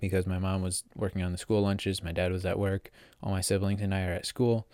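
A teenage guy with a deep, darkish voice tells his story vlog-style, loose and casual, rambling with lots of fillers and correcting himself mid-sentence. His delivery is flat and brisk. The recording is dry and close-miked, with no sense of room.

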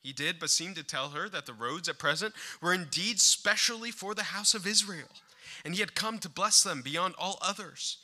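A man delivers a fervent sermon in a high voice. His tone is sharp and keen, and it rises to loud urging before sinking to hushed intensity. He reads formal passages and breaks in now and then with plain asides. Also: moderate pace. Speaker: preacher.

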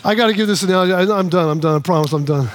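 High-voiced animated male pastor. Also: rapid-fire, slight background noise. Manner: animated, repeats phrases, acts out both sides of arguments. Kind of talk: sermon with personal stories. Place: church in front of a congregation.

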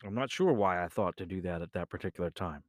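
A man hosting a podcast, telling a rambling personal story in a casual, animated way, often correcting himself mid-sentence. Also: deep voice, fast talker, dry recording, clean studio sound. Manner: animated, rambling, with self-corrections and bursts of laughter. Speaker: podcast host.

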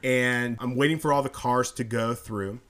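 A man telling a story on a podcast in casual conversation. He talks in an animated, jokey way and acts out the lines of the people in his story. His voice sits at an ordinary pitch for a man. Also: normal speed. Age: adult, married. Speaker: podcast co-host.

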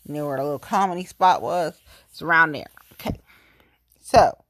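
A woman's voice: deep voice, normal speed, fairly bright tone, no room sound. A woman in her late thirties chatting casually as a vlogger, rambling and gushing, repeating herself, a little tipsy. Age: late 30s. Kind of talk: casual chat.

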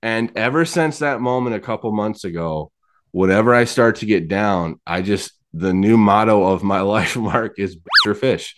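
Guy in his late 30s, lowish voice, laid-back candid storytelling, chuckles a lot. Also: normal speed. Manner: candid, laughs often, animated quoted voices. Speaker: podcast guest. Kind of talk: casual testimony storytelling.

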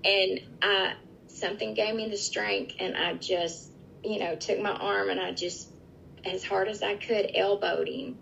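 Gravelly-voiced woman telling a hard story. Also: mid-range voice, steady tone, a bit bright, a little hiss or hum. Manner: earnest, vivid retelling with halting restarts. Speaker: interviewee. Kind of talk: personal storytelling in an interview. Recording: dull lo-fi recording.

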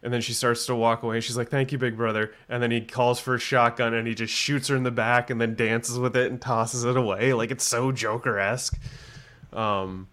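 A man's voice: mid-range voice, flat delivery, a little fast, a bit bright. A man co-hosting a casual film review podcast, retelling scenes in a rambling way full of fillers and acting out the characters' lines. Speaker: podcast co-host reviewing films. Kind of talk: casual chat.

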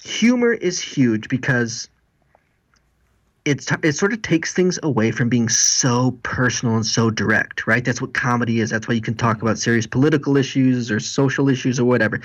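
A pastor and marriage seminar speaker, an animated storyteller who acts out the people he quotes. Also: medium pitch, muffled recording. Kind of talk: interview guest.

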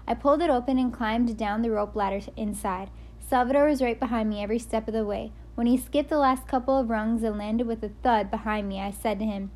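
Woman narrator, folksy and spirited first-person audiobook reading, fairly high voice. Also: steady tone, fairly quick, darkish tone.

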